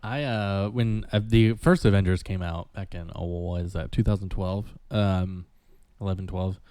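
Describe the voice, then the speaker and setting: A man's voice: sits low, fairly even intonation, moderate pace, dark tone, clear, resonant tone, no room sound. A young man, casually chatting and rambling through stories as a podcast co-host. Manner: laid-back, rambling storyteller. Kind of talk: casual chat.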